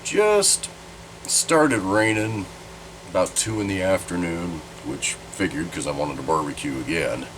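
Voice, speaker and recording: A deep-voiced man talks through a stuffy, nasal voice, still getting over a sinus infection. He rambles along in a chatty, candid way and swears now and then. A faint air conditioning hum runs underneath. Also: expressive, unhurried. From Southern Oregon. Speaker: channel host. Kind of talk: casual vlog update.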